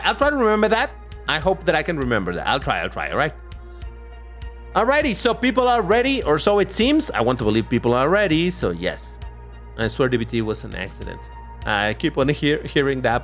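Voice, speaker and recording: A man's voice: fairly high pitch, very animated, fairly quick, a bit bright. A man hosting a casual gaming live stream, chatting in a rambling way and answering his viewers' chat aloud as he plays. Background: faint background music.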